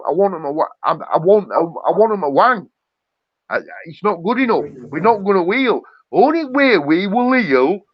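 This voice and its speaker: A man in the middle of a heated livestream rant, his voice sitting a little higher than most men's. He swears often and circles back over the same points. The sound is dull and lo-fi, with a dry, close feel and no room around it. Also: dry recording. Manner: angry, profane, repetitive ranting. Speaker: livestream host.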